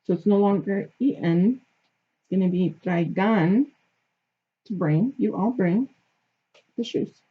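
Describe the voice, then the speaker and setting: A female Spanish teacher leads her class through a grammar lesson, explaining patiently step by step and often pausing to check that they follow. Her mid-range voice is slightly husky and slow, and the recording sounds dull and lo-fi.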